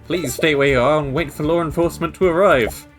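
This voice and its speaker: A man's voice: fairly high pitch, brisk, voice pushed up, lightly acted. A man reads out a school headmaster in a game, giving a formal, urgent warning over the intercom. The voice is raised a little above his own, and game music plays underneath.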